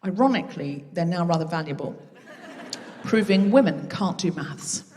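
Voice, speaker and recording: A woman's voice: on the low side, lively intonation, moderate pace, darkish tone, long reverb tail, far from the mic, slight background noise. A woman hosting a live comedy podcast on a theatre stage, chatty and self-mocking as she banters with the audience. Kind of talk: live stand-up hosting with crowd work. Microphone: stage microphone.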